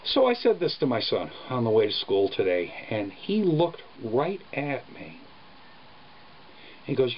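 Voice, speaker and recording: Man, earnest father, halting vlog storytelling, muffled lo-fi recording, faint background hiss. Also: medium pitch, big pitch swings. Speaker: father telling a story about his son. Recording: dull lo-fi sound with faint background noise.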